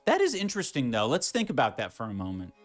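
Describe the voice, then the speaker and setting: A man's voice: mid-range voice, huge pitch swings, fast talker, soft background music. A man ranting indignantly and profanely in a podcast clip, emphatic and swearing. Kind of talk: heated podcast rant.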